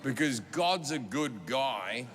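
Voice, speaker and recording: A man's voice: medium pitch, animated, takes it slowly. A man in his forties doing stand-up comedy, telling a profane story with punchy delivery on a big stage. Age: 40s. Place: stage in a large venue. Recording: reverberant hall with audience noise.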